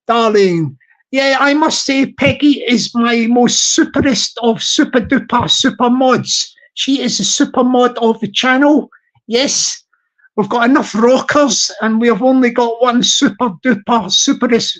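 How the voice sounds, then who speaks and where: A live stream host with a Scottish accent chats casually and playfully with viewers, rambling through effusive shout-outs and chuckling often. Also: mid-range voice. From Scotland.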